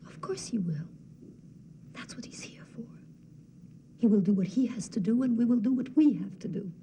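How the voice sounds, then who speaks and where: A resolute young princess, played by an actress speaks in a very dark, mellow voice, hushed and intense, slipping toward a whisper. Her tone sits a touch high. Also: quick pace, a little hiss or hum, close to an everyday voice. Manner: soft, hushed, intense, often near a whisper. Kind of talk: film drama acting.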